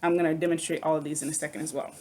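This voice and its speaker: A woman's voice: sits low, steady tone, very fast, a little mellow, a little hiss or hum. A woman music teacher explaining rhythm syllables in a recorded lesson, patient and step by step, checking in with "okay".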